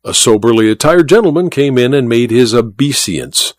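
A male audiobook narrator with a middle-pitched voice that rises and falls lively through each line. His storytelling is expressive and recorded dry and close. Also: normal speed, hardly any pauses, no room sound.

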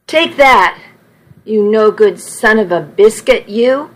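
A woman's voice: mid-range voice, expressive, slow pace, rough recording. A woman voicing a feisty old grandmother in a nursing home, fond and sassy. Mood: fierce. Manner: fond, sassy, then fierce.

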